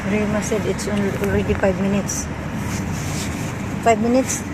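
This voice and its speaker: Woman chatting over loud road noise. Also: medium pitch, fairly even intonation, unhurried. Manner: chatty, non-native English, tells stories with quoted dialogue. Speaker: vlogger. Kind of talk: casual storytelling chat. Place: car on a night road.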